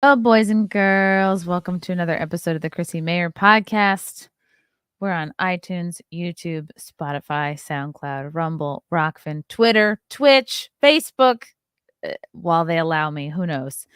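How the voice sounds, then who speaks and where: A woman hosting a casual podcast, talking in a chatty, joking way. Her voice sits a little low and comes across smooth and clear. The sound is dry and close, with no room around it. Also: fairly bright tone, dry recording. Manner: chatty, joking, quick asides. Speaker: podcast host.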